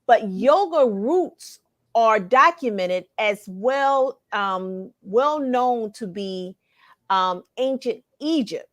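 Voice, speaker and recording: A woman with a Southern US accent explaining a topic in a halting way, with many fillers and restarts. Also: on the high side, lively intonation. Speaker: guest presenter. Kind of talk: casual explanatory talk.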